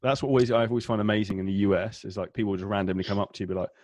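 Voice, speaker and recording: A man's voice: lowish voice, steady tone, racing, a little mellow, no room sound. A man hosting a casual interview and asking open, conversational questions. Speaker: podcast host.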